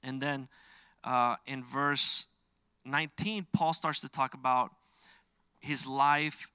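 A man's voice: medium pitch, steady tone, takes it slowly, sharp tone, clean tone, no echo. A middle-aged man preaching a sermon, explaining scripture earnestly and growing emphatic when he quotes it.

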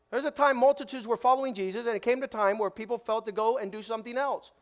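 A male pastor preaching a sermon, emphatic, swinging between loud declarations and hushed, low passages. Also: fairly quick, hardly any pauses.

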